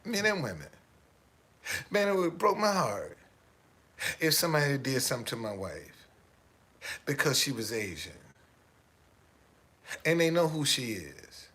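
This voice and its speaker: A middle-aged man vlogging in a casual storytelling monologue, animated and streetwise, often restarting his sentences. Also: a little high, a little hiss or hum.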